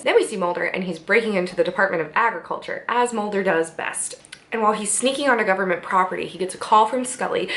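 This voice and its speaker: A woman's voice: mid-range voice, lively intonation, a little fast, a bit bright, a little hiss or hum, low-quality recording. Chatty, sarcastic woman reviewing TV. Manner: chatty, sarcastic, swears a lot. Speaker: TV episode reviewer. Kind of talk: casual chat.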